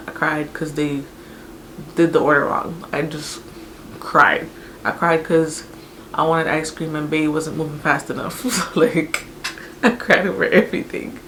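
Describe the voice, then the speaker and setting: A young woman telling a personal story in a casual, animated, chatty way, with many fillers. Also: low voice, a little hiss or hum. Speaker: vlogger telling her birth story.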